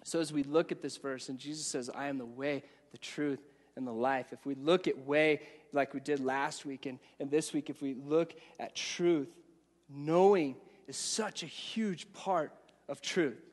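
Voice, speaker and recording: A man's voice: on the high side, measured pace. A man preaching an evening sermon, conversational and prone to repeating words as he speaks to the congregation. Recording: reverberant hall.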